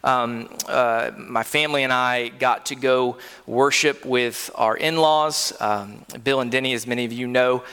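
A man's voice: mid-range voice, fairly even intonation, a little slow, few pauses, bright, forceful tone, smooth. Earnest man preaching in a reverberant church. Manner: earnest and conversational, with frequent fillers and restarts. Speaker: pastor. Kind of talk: sermon. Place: church sanctuary. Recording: long hall reverb.

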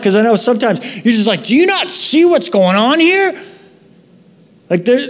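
Pastor, male, casual and animated sermon delivery, high voice, long hall reverb. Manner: conversational, animated storytelling. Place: church sanctuary.

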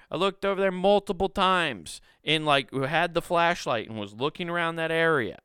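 Profane ranting podcast man, bright crisp voice. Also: mid-range voice, dry recording, clean studio sound. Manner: profane, exasperated rant. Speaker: podcast host. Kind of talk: casual solo storytelling.

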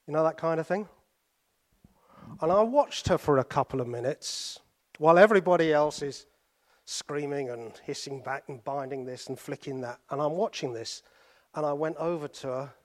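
A man from Britain preaches to his congregation in a fairly high voice. He tells his stories unhurriedly, pausing often and dropping to quiet asides. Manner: storytelling, with pauses and sudden drops to soft asides. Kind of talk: sermon.

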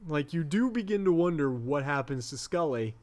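A man's voice: on the high side, animated, moderate pace, darkish tone. A young man co-hosting a podcast, recapping an episode in a rambling, unsure way with many fillers. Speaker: podcast co-host.

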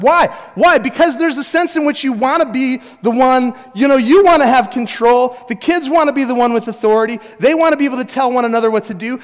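A man preaches in a loose, conversational way, restarting his sentences and telling small family stories. His voice sits high for a man. The sound carries the long reverb of a church hall. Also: brisk, few pauses. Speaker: pastor. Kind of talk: sermon.

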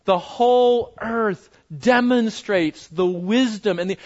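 A man's voice: high-pitched, unhurried, hardly any pauses, dull audio. A man preaching a sermon, emphatic and repeating words for stress, often putting questions to his listeners. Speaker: pastor.

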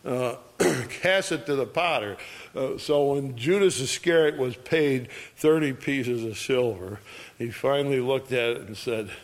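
A man preaching a sermon, reading scripture and acting out the people in the story with emphasis. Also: mid-range voice. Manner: slow, emphatic, acts out quoted voices.

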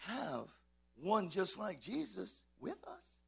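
A male pastor preaching fervently in a church, swinging from shouts to quiet asides and calling out to his congregation. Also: high voice, wildly swooping pitch, takes it slowly, gravelly, breathy edge. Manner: addresses congregation, calls and repeats. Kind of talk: preaching a sermon.

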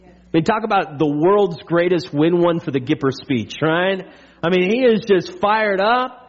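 A man with a notably high voice preaching a sermon to his congregation. He talks in an energetic, chatty way, throwing in jokes and quick "right?" checks. The recording sounds dull and lo-fi. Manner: energetic and conversational, with frequent "right?" asides; playful humor and pop-culture jokes. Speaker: pastor.

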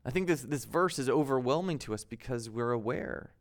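A man's voice: medium pitch, expressive, brisk. A man in his thirties from the United States, preaching a conversational sermon as pastor, laughing at himself now and then.

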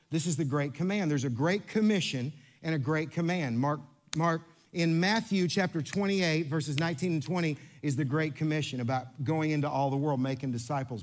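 A man pastor preaching a lively, interactive sermon and playing with his congregation in a church. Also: on the high side. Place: church sanctuary.

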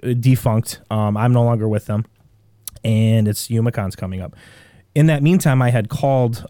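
A man with a Midwestern American accent tells a long story as a podcast guest, rambling and animated, often restarting his sentences. His voice sits low, dark and mellow. It is recorded dry, with little room sound. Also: no echo. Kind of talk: casual storytelling.

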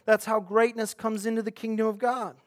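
A middle-aged man preaching a sermon as pastor, earnest, swinging between loud emphatic lines and hushed, quiet ones. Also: high voice, flat delivery, a little fast.

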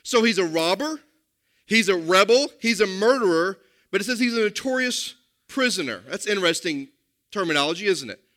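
A male pastor preaches a little fast, his voice high and bright and his tone lively and forceful. He is emphatic, frequently asking the congregation direct questions.

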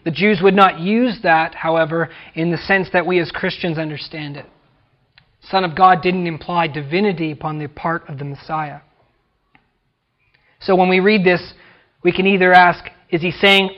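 High-voiced American preacher, dramatic delivery. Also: male voice, normal speed, long pauses, muffled recording. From United States. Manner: dramatic, acts out quoted voices. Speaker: pastor. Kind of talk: sermon.

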